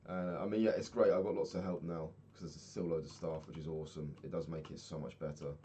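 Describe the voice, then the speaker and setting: Low-voiced young man rambling casually. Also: steady tone, fast, dark tone, slight background noise. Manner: rambling, swears freely, laughs often. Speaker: vlogger. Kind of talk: casual video-diary chat while gaming.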